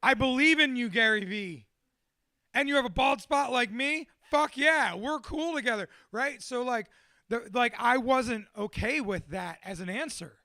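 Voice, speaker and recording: A man's voice: extremely high pitch, a little slow, pushed and bright, dry recording, studio quality. A man in his thirties, a motivational speaker, rambling profanely and self-deprecatingly through a candid personal monologue.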